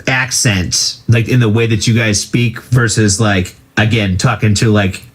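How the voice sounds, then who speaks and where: A man's voice: on the low side, steady tone, a little slow. A man from the United States interviewing guests in a casual, rambling way, with lots of fillers and restarts.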